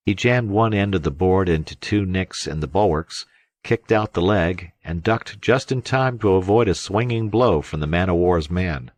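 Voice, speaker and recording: A man narrating an adventure novel as an audiobook, in steady, even storytelling. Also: deep voice, moderate pace, dry recording. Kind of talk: scripted narration.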